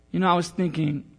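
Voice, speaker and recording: A pastor preaching a sermon, mixing a casual, joking story with a softer, earnest appeal to the congregation. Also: male voice, fairly high pitch, creaky.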